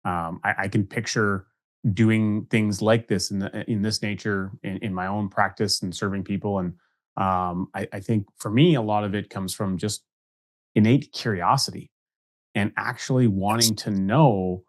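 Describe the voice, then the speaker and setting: Low-voiced co-host, halting and stammering. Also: male voice, steady tone. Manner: halting, stammers and repeats words. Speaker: podcast co-host. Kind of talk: podcast interview talk.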